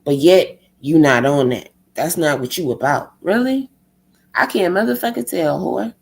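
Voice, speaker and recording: A woman's voice: low-pitched, animated, normal speed, vocal fry. Profane, heated woman ranting on stream. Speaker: live-stream host.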